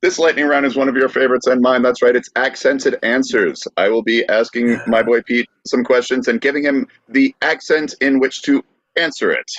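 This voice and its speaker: A man's voice: medium pitch, steady tone, moderate pace, fairly bright tone, no echo. A man hosting a podcast, laid-back and a little hesitant as he reads out a game. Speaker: podcast host. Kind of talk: casual podcast banter. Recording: dry dull husky sound.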